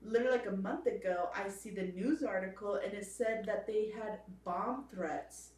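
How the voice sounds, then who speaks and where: A woman's voice: mid-range voice, moderate pace, darkish tone, recorded from a distance. A woman telling a story in casual podcast chat, chatty and rambling. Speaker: podcast co-host. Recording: roomy, off-mic with faint ambience.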